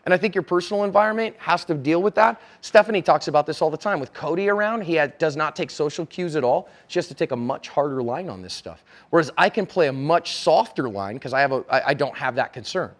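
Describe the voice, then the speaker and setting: A man's voice: on the high side, expressive, fast, few pauses. A middle-aged man giving a conference lecture as a self-defense instructor, speaking conversationally and acting out dialogue in character voices.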